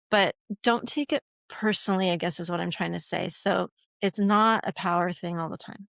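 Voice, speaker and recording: A woman's voice: on the low side, steady tone, normal speed, creaky, hardly any pauses, a bit bright, no room sound, studio quality. A woman guest expert on a podcast, talking casually and checking in with "right?" and "okay?", sometimes acting out quoted lines. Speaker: guest expert on puberty education. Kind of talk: conversational podcast interview.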